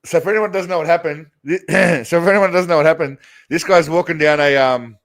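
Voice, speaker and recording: A man's voice: fairly high pitch, quick pace. A man hosting a casual reaction show, rambling and swearing heavily as he comments on clips. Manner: crude, rambling, heavy swearing. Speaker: host reacting to videos.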